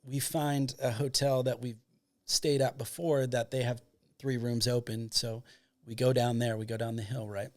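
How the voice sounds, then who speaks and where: A man's voice: medium pitch, level tone, moderate pace, a little mellow. A man from Michigan, a documentary filmmaker, tells a long anecdote as a podcast guest in a rambling way full of fillers. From Michigan, United States. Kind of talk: casual storytelling.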